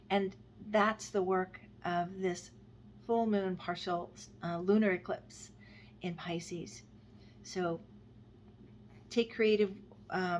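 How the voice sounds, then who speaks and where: Soft-spoken woman doing a spiritual vlog, gentle and a bit rambly, mid pitch, faint hiss behind. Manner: gentle, heartfelt, meandering with fillers and soft trailing endings. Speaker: astrologer and spiritual guide. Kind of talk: unscripted spiritual talk to camera.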